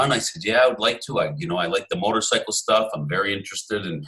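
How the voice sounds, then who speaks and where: A man's voice: fairly low pitch, fast, hardly any pauses, bright, forceful tone, low-quality recording. A man guest in a casual interview who tells rambling stories, acts out other people's lines and often restarts his sentences. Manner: rambling storyteller who acts out quoted voices, with many restarts. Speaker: podcast guest.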